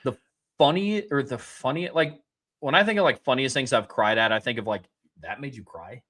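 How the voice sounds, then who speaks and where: A young man co-hosting a sports podcast, easygoing and quick to laugh as he shares stories. His voice sits at a plain middle pitch. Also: very animated, a bit bright. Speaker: podcast co-host. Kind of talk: casual sports podcast chat.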